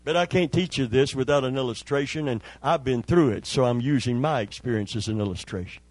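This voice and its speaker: A middle-aged male pastor preaching a sermon, telling a personal story with emotion and dropping to a hushed voice when he re-enacts a prayer. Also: medium pitch, fairly quick, dry recording, rough recording.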